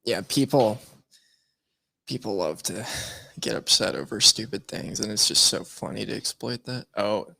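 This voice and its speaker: Gravelly man in sarcastic banter. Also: lowish voice, unhurried, bright, forceful tone, no room sound. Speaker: podcast co-host. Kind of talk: casual chat.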